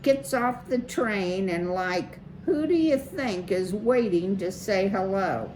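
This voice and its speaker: A woman's voice: mid-range voice, expressive, slow, a little mellow, a little hiss or hum, low-quality recording. A woman reading aloud, voicing a cool young female mouse musician with slangy, upbeat talk. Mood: breezy.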